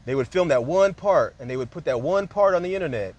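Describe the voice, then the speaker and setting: A man's voice: fairly high pitch, expressive, fast, darkish tone, highs cut off. A man talking in a loose, rambling monologue, jumping from point to point and peppering his speech with casual fillers.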